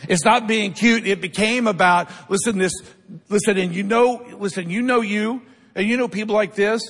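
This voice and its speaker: A male pastor preaching a sermon, emphatic, constantly checking in with the congregation and building up to shouted lines. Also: high voice, fairly even intonation, normal speed. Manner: keeps asking the congregation "right?". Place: church sanctuary. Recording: long reverb of a large hall.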